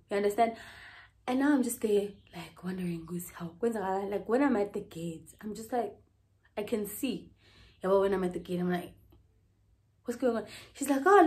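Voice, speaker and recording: A woman's voice: medium pitch, darkish tone. A young South African woman vlogging casually on her phone, chatty and laughing, slipping Zulu words into her English. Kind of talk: casual chat. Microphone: phone held by hand.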